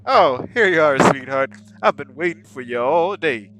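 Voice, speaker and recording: A man voicing a gentle old grandmother in a horror game, speaking softly and coaxingly. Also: fairly high pitch, animated, moderate pace, noisy background, natural voice. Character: sweet old grandmother, soft and patient.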